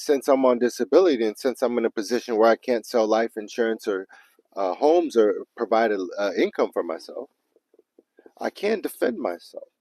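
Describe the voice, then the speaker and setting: A frustrated man ranting live to his viewers, swearing freely and turning to the audience with questions. His voice sits at an ordinary middle pitch. The sound is dry and close, with no room echo. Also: a little mellow. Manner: frustrated, profane, talks straight to viewers. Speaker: father livestreaming to viewers. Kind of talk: casual livestream rant.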